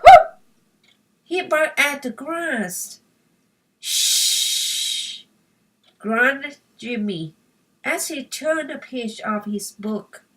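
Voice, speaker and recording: Female reader, higher voice, slow, careful storybook read-aloud, mic a little distant. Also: a bit bright. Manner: slow, careful, clear reading.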